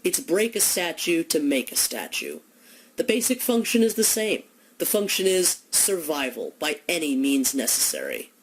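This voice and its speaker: A woman giving an impassioned, accusatory monologue full of rhetorical questions, building to loud declamation. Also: sits low, big pitch swings, moderate pace, slightly rough, poor audio. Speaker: speaker delivering a philosophical monologue.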